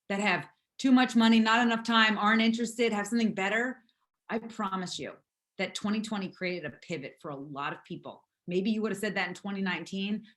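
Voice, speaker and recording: Hoarse, emphatic woman leading a team call. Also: medium pitch. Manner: emphatic, repetitive, preachy. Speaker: network marketing team leader.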